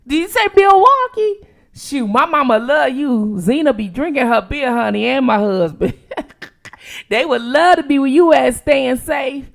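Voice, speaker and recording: A woman from Detroit hosting a late-night livestream, chatting casually with viewers and reacting quickly to each comment. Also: high-pitched, gravelly. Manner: animated, reads out viewer locations with quick reactions. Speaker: livestream host.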